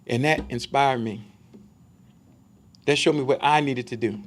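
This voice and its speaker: A man's voice: mid-range voice, unhurried. A man giving a conversational Bible study sermon, emphatic and full of rhetorical questions for his listeners.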